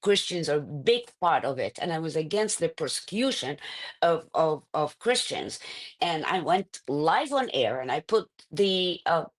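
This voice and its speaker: A middle-aged woman speaks with an Iraqi Arabic accent in a pitch sitting a touch low for a woman. She is animated and chatty, full of restarts and fillers. Quick laughs break up her sentences. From Iraq. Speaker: political candidate, guest. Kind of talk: conversational interview.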